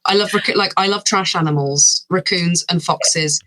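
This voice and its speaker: A British guest on a podcast with a bright, forward voice, musing and wandering through their answers with some self-mockery. The tone sits in an ordinary middle pitch and the talk stays easygoing and chatty. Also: moderate pace, rough recording. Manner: thoughtful, rambling, self-deprecating. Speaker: guest actor. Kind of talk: casual interview chat. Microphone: remote call.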